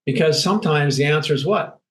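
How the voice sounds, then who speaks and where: A man's voice: fairly high pitch, brisk, poor audio. A man speaking bluntly and emphatically as an interview guest, acting out little quoted exchanges. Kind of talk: candid interview talk.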